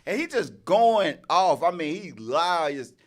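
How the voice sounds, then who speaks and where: Middle-aged male co-host, lively animated storyteller, casual discussion. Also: a little high, measured pace. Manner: animated storytelling, acts out yelling. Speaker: show co-host.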